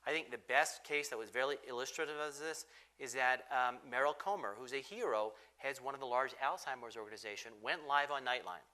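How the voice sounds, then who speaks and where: A man speaks as a doctor on a forum panel. His voice is bright and forceful at an average pitch, and he pushes his explanations along emphatically. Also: a little fast. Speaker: physician panelist. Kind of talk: panel discussion.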